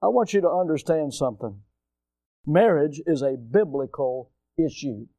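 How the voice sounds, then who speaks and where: A man preaching a sermon as pastor, emphatic, swinging from rising shouts to sudden quiet drops. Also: on the high side, expressive, moderate pace, no room sound, clean studio sound.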